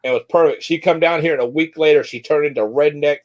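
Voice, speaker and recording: A man's voice: on the high side, quick pace, dull audio. A man hosting a casual online group chat, joking and telling stories with quoted voices acted out. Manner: joking storyteller who acts out quoted voices. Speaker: host of a group chat show.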